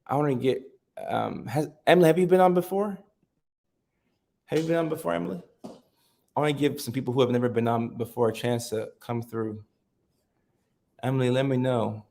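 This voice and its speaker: A man's voice: mid-range voice, moderate pace, gravelly, long pauses, a little mellow. A man in his thirties hosting a casual live stream, chatting loosely with viewers and reading their comments aloud with frequent restarts. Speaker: livestream host.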